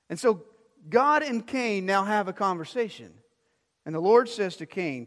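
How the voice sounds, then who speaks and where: Middle-aged male pastor, fairly high voice, preaching with loud emphatic swells and soft asides, church hall reverb. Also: sing-song. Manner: shifts from loud emphasis to quiet, drawn-out asides. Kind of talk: sermon. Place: church sanctuary.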